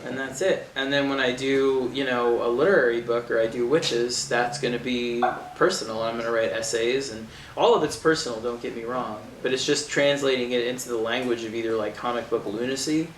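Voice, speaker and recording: A man's voice: medium pitch, fairly quick, hardly any pauses, distant mic. A man chats loosely and eagerly, tumbling from one thought to the next and laughing along the way. He sounds set back from the mic in a roomy space, with a faint ambient hum underneath. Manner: animated, rambling, laughs easily. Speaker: comics writer, guest. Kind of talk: casual chat at a live event. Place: comic shop event room.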